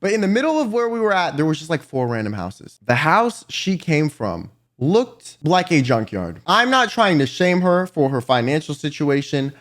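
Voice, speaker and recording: A man telling a storytime vlog story in an animated way, swearing often. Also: fairly high pitch, moderate pace, hardly any pauses. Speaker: vlogger.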